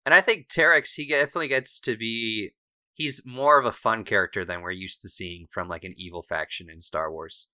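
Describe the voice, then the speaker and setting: A man's voice: fairly low pitch, fairly quick, pushed and bright, no echo, studio quality. A man co-hosting a podcast in casual chat, laid-back with frequent fillers. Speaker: podcast co-host and editor.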